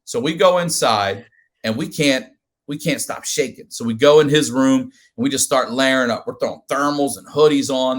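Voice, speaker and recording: Guy guest on a podcast, bright voice, animated, cussing, acts out everybody in the story. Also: mid-range voice. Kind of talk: comedic storytelling.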